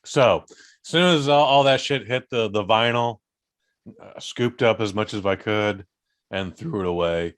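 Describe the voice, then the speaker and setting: A man hosting a podcast, telling a story in a casual, animated way, swearing freely and acting out other people's voices. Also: fairly low pitch, unhurried, no echo. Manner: animated, profane, acts out voices in his stories. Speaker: podcast host.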